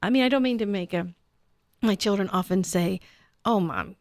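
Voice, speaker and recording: Woman, fifties, radio guest, hesitant and self-deprecating, gravelly mid voice. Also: mid-range voice, a little fast, no room sound, studio quality. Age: 50s. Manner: reflective and self-deprecating, hesitant restarts, laughs often. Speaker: co-host or guest. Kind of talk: conversational radio talk show.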